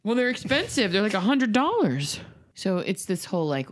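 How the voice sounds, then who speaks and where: A woman's voice: medium pitch, moderate pace. A woman in her thirties chatting casually as a podcast co-host, telling family stories and acting out what people said. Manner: animated storyteller who acts out quoted voices. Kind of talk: casual chat.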